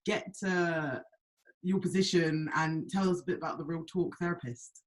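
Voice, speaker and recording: A young woman hosting a podcast in a casual, excitable way, giggling and tripping over her words. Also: fairly low pitch, normal speed. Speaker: podcast host. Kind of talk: casual chat.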